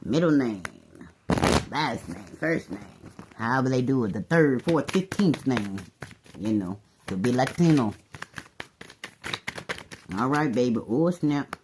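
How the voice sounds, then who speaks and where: A woman giving a casual tarot reading to her viewers, animated, calling everyone "baby" and laughing often. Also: very deep voice, a little slow, pauses often, background noise. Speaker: tarot reader.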